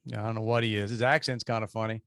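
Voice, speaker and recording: A man's voice: fairly low pitch, flat delivery, very fast, fairly bright tone, no echo, clean studio sound. A man with a Cajun Louisiana accent, co-hosting a podcast, joking and folksy in casual chat. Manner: joking, folksy, talks in bursts. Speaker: podcast co-host.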